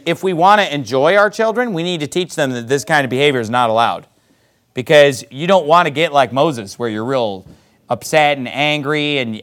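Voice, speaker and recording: A man delivers a sermon in a high-pitched, very animated voice that leaps around in pitch. He reads scripture aloud and mocks complainers in playful put-on voices. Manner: preaching with animated high outbursts and scripture reading; mocking impressions of whiners. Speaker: pastor.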